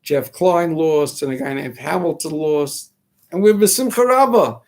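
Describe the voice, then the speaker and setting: A man's voice: fairly high pitch, measured pace, darkish tone. A man hosting a talk show, delivering an emphatic, preachy political monologue full of rhetorical questions and Hebrew and Yiddish terms. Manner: rhetorical questions, mimics critics' voices. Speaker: radio talk host.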